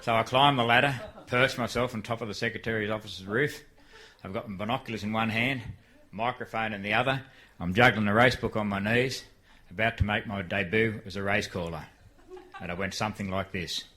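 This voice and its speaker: Australian man telling a yarn, bright voice. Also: lowish voice, steady tone, fairly quick. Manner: folksy, shifts into a frantic shouted race call. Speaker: storyteller. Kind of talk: live storytelling to an audience. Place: live venue before an audience.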